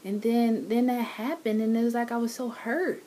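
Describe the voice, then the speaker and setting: A woman's voice: fairly high pitch, fairly even intonation, moderate pace, warm tone, slight background noise. A woman vlogger casually telling her love story, teasing and laughing with her partner.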